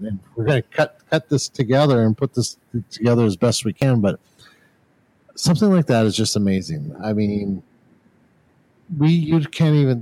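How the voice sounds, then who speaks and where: A man with a somewhat low voice co-hosts a casual spiritual chat. He talks in an earnest, reflective way over a remote call. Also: darkish tone, slightly rough, poor audio. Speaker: co-host.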